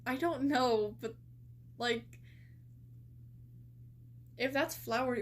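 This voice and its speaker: A woman's voice: high voice, steady tone, takes it slowly, pauses often, slight background noise. A young woman streaming live, chatting casually with lots of fillers and incredulous reactions.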